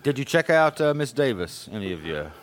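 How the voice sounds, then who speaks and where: A man's voice: mid-range voice, sing-song, brisk. A man hosting a podcast in a rambling, casual way, laughing often. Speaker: podcast host. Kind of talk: casual chat.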